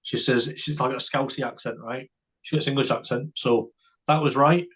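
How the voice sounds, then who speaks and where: A man with a husky, grainy voice sits in as a podcast guest and tells a story over casual chat. He trips over his words and restarts a lot, checking in with "right?" and "mate" as he goes. His pitch sits in an ordinary middle range. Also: fairly even intonation, normal speed, a bit bright. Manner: stammers and restarts, tags lines with "right?" and "mate".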